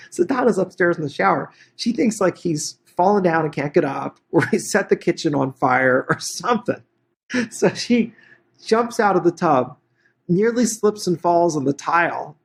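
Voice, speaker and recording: A man presenting on real estate investing, telling a story in a lively way and acting out each character's lines. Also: on the high side, moderate pace, creaky. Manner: animated, acts out every character's dialogue. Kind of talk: anecdotal storytelling to an online audience.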